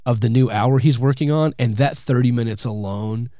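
A man, a comedian and podcast host, telling animated stories in casual chat and acting out the people he quotes. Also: medium pitch, moderate pace, dry recording, clean studio sound. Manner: animated storyteller, acts out quotes.

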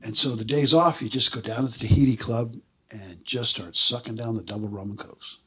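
A man in his sixties, a former Marine, telling lively stories in a casual interview and acting out other people's voices. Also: mid-range voice, a little fast, slightly rough. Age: 60s. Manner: animated storyteller who acts out other people's voices. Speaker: guest, former Marine combat artist.

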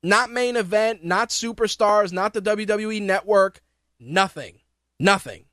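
A man's voice: sits high, unhurried, fairly bright tone, no echo, clean studio sound. A man hosting a podcast, ranting profanely and sarcastically in opinionated wrestling talk. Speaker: podcast host.

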